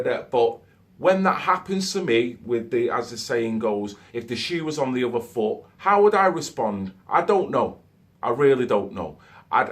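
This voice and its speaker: A man, talking in a loose, conversational monologue and adding "okay?" and "so to speak" as he goes. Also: mid-range voice. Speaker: vlogger. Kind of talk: casual monologue to camera.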